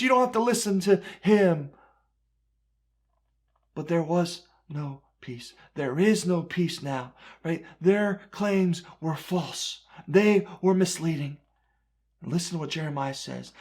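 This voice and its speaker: High-voiced, impassioned male pastor. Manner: impassioned, frequently asks "right?"; swings from loud outbursts to quiet, sorrowful reading. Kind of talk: sermon with scripture reading.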